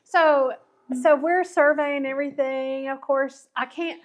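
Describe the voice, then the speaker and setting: Brief: bright high-pitched woman, chatty craft co-host, laughs through her stories. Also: fairly even intonation, a little slow, lo-fi sound. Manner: storytelling, laughs a lot. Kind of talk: casual chat while crafting.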